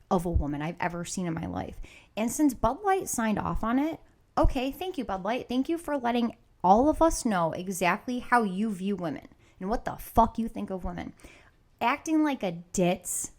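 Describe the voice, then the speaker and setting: A woman's voice: medium pitch, lively intonation, moderate pace, a little mellow. A woman hosting a podcast, ranting angrily and sarcastically with constant swearing. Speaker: podcast host. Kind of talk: profane opinion rant.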